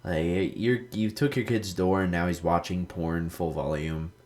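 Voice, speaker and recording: A young man with a very low voice talks over his gameplay in a loose, rambling way. He drifts into stories, swears freely and fills his sentences with "like," sounding like a casual gaming host. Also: fairly even intonation, measured pace, darkish tone. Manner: rambling storytelling, heavy swearing, lots of "like".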